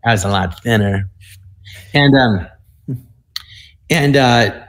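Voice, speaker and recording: Male, 60s, from the US. Panel guest, animated storyteller who acts out the dialogue. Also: mid-range voice, slow pace. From United States. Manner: animated, acts out other people's lines in the stories. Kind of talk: anecdotal storytelling.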